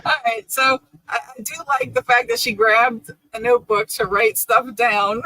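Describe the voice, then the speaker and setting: A woman's voice: on the high side, fairly even intonation, moderate pace, sharp tone, no room sound, poor audio. A woman co-hosting a casual comedic chat, tossing in playful, giggly asides. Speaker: co-host.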